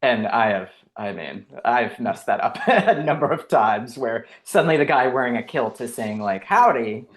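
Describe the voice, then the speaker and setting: A man, a guest actor chatting in a casual podcast interview, full of "like" and quick laughs. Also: mid-range voice, animated.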